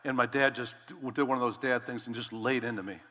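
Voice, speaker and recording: A man in his fifties, a pastor, telling a personal story in a sermon, animated and repeating words as he acts out conversations. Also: medium pitch, fast talker, long reverb tail.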